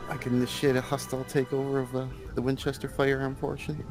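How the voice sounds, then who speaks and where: A man's voice: mid-range voice, little pitch movement, fast, music in the background, poor audio. A man playing a tabletop game, chatting casually and speculating aloud about the plot. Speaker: player. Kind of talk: casual chat among tabletop players.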